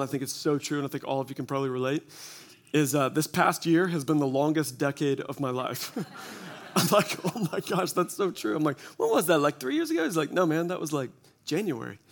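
Man in his forties, church talk, self-deprecating storytelling, quoted asides, fairly high voice. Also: expressive, brisk. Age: 40s. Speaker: church speaker. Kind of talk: humorous testimony talk. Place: church gathering before an audience.

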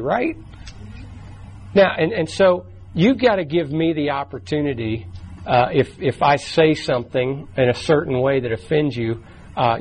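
A man's voice: fairly high pitch, husky, poor audio. A man leading a church small group class in a casual, talky way, often restarting words and briefly acting out quoted voices, recorded in a room with the group. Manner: acts out quoted voices in short bursts. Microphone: taped from the room.

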